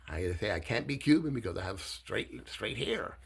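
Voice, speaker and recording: Gravelly, blunt Cuban-born man. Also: lively intonation, moderate pace, hardly any pauses. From Cuba. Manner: profane, blunt, swings between low asides and shouting. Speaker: political candidate. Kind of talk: impassioned political monologue.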